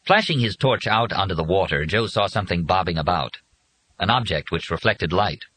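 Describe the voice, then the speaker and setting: A man reading an audiobook in a husky voice with dramatic, expressive scripted narration. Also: low voice, normal speed, poor audio.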